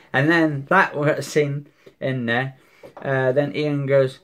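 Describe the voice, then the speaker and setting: A man's voice: medium pitch, fairly even intonation, takes it slowly, fairly bright tone. A man rambling through a casual recap of a soap episode, repeating himself and swearing now and then.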